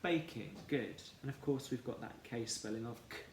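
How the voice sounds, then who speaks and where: A man teaching a children's phonics lesson, sounding out words slowly and clearly, syllable by syllable. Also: medium pitch, slight background noise. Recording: echoey room with faint ambience.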